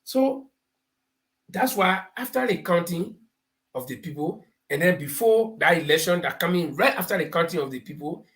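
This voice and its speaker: Speaking at normal speed in a high-pitched, fairly bright voice with lively intonation, this Liberian English-accented talk show host gives political commentary live. He illustrates his points with homespun parables and stories, laughing as he tells them.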